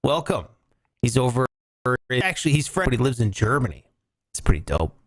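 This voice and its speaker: A man hosting a casual morning talk show, loud and excitable, rambling as he chats with his co-host. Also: medium pitch, fairly quick, dry recording. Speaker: podcast host.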